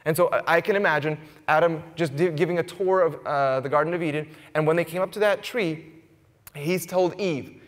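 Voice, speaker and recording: Guy in his 30s giving a sermon, kinda high voice, talks to the crowd like a chat, big echo. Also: normal speed. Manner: conversational preaching, asks the audience "right?". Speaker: pastor. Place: church sanctuary.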